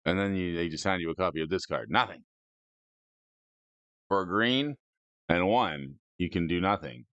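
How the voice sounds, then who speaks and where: A man's voice: deep voice, lively intonation, moderate pace, a bit bright, no room sound. A man hosting a casual stream, rating game cards aloud with playful, goofy asides and silly wordplay. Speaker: host. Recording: dry, dull lo-fi mic.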